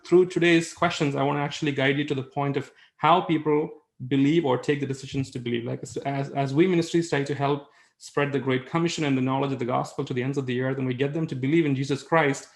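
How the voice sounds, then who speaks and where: A man's voice: mid-range voice, fairly even intonation, fast, gravelly. A man presenting a webinar in a conversational way, with fillers and rhetorical questions.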